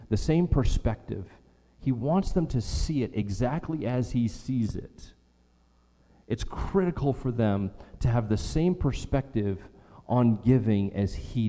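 A male pastor with a mellow, mid-range voice preaches emphatically, repeating himself and posing rhetorical questions. His voice echoes through a large hall.

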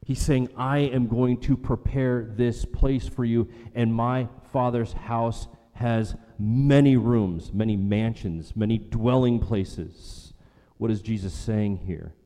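A man preaching a sermon earnestly, repeating phrases for emphasis and slowing down on key lines. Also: mid-range voice, fairly even intonation, mellow. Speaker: pastor. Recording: long hall reverb.

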